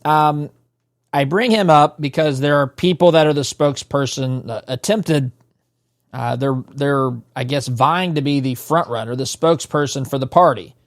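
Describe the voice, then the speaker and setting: A man's voice: medium pitch, moderate pace, no echo, studio quality. Emphatic male talk radio host. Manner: emphatic, repetitive addresses to listeners. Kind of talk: political talk radio monologue.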